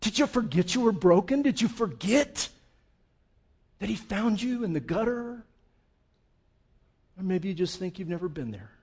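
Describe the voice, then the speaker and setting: A man preaching a sermon with emphasis, who asks the congregation questions and moves between loud and hushed passages. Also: sits high, very animated, normal speed, long pauses, breathy edge. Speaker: pastor.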